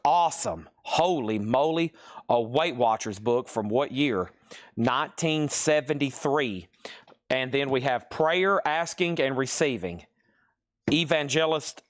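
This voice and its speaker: A man's voice: fairly high pitch, fairly bright tone. A man hosting a live-stream record sale, reading off titles and prices and thinking aloud as he sorts buyers. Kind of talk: live-stream auction selling.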